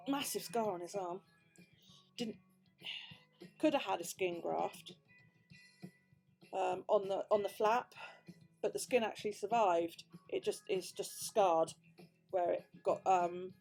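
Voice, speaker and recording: A woman's voice: mid-range voice, slow, creaky, long pauses, a little mellow, faint music behind. A British woman vlogger telling a story in casual chat, swearing freely and acting out the quoted dialogue. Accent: British English. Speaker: crafting vlogger.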